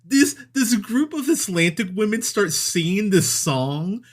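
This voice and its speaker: Animated, profane man reviewing movies. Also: high voice, measured pace. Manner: animated, profane, laughs often. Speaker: podcast host. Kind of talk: casual movie review chat.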